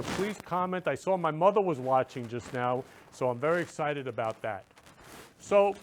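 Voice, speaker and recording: A man hosting his own show, talking earnestly and effusively to viewers, repeating himself often. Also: on the high side. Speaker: show host. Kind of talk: casual talk to viewers.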